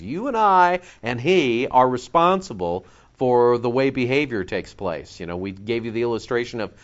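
Lively, conversational male preacher. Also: mid-range voice, dull audio. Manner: lively, conversational preaching with asides and self-corrections. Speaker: pastor. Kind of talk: sermon.

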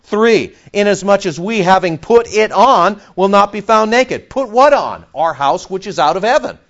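A man's voice: high voice, animated, normal speed. A man preaching an expository sermon, emphatic and full of rhetorical questions. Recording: dull lo-fi recording.

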